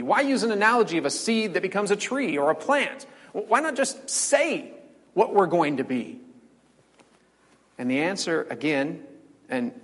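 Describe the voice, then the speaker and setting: A man preaching with a husky, high voice, full of rhetorical questions and repeated words. The sound rings in a long reverberant church hall. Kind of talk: sermon.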